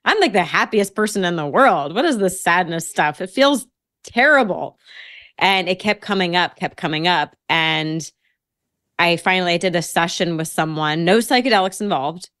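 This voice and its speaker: Lowish woman telling a lively story. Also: moderate pace, dry recording, studio quality. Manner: animated storytelling, acts out her own quotes. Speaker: podcast guest. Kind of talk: casual podcast conversation.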